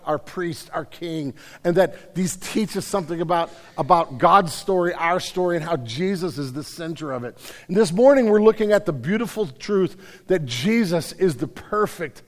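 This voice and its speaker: A man's voice: fairly high pitch, in a large hall. A man preaching a conversational sermon, self-deprecating, with many repeated starts. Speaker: pastor. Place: church hall.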